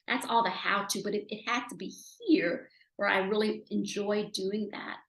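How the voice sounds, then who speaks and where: A woman speaker and author telling her story in an interview, animated and emotional, getting louder at her high points. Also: moderate pace. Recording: roomy echo.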